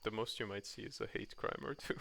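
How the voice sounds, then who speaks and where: Gravelly low-voiced male streamer chatting. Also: brisk, fairly bright tone, a little hiss or hum. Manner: chatty, reacts to chat, laughs often, frequent restarts. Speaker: game streamer. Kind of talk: casual chat while streaming a farming game. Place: at home. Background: faint game music.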